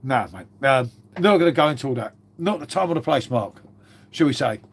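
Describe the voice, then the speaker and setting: A man's voice: medium pitch, lively intonation, brisk, gravelly, slightly rough. A middle-aged man chatting casually on a live stream, rambling and swearing, calling everyone mate, unwell with a cough. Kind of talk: casual live-stream chat reading viewer comments.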